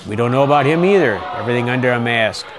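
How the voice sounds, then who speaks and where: A middle-aged man giving folksy, excitable play-by-play commentary on a wrestling match. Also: mid-range voice, racing, noisy background.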